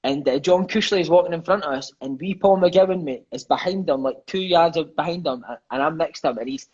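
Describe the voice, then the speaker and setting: A man's voice: a little high, a little fast, breathy edge, muffled recording. A Scottish man in his thirties, a former footballer telling stories in a casual chat. He swears freely and keeps dropping in "mate" and "eh". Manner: lively, swears freely, peppers speech with "mate" and "eh".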